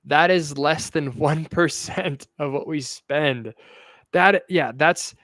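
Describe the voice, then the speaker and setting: A man's voice: fairly high pitch, takes it slowly, a bit bright, dry recording, clean studio sound. A man hosting a casual political chat, talking with emphatic, indignant outbursts. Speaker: podcast host.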